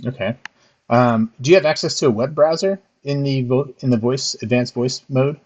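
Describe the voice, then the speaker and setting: A man's voice: mid-range voice, moderate pace, a little mellow, lo-fi sound. A man from the Philadelphia area, chatting casually with frequent restarts and easy laughs. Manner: hesitant, restarts often, laughs easily. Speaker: host. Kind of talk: casual chat.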